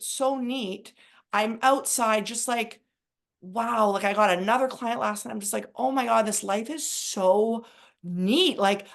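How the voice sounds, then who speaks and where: Woman podcast co-host, chatty and rambling, casual spiritual talk. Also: medium pitch. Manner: rambling and excitable, heavy use of "like".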